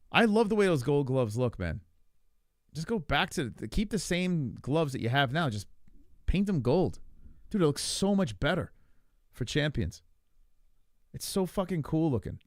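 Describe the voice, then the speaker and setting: Animated, profane man chatting about fights. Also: a little high, measured pace, long pauses, no room sound, clean studio sound. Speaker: podcast co-host. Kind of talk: casual chat about fights.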